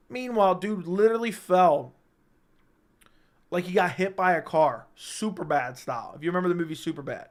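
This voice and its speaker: Animated high-voiced man livestreaming. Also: normal speed. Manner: animated, emphatic, repeats himself, swears freely. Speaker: livestream host. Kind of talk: casual livestream chat. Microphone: studio microphone.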